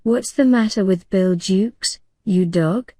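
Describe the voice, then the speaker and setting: A woman voicing a menacing male pirate captain in a soft bedtime audiobook reading, with a purring, courteous menace. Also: medium pitch, slow pace, dry recording, studio quality. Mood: silky menace.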